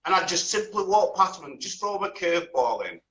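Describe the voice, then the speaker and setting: Male podcast guest, opinionated and emphatic, bright voice, a touch higher than average. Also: very animated, fairly quick, a little hiss or hum, rough recording. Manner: emphatic, opinionated, drops in punchlines. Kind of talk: casual chat.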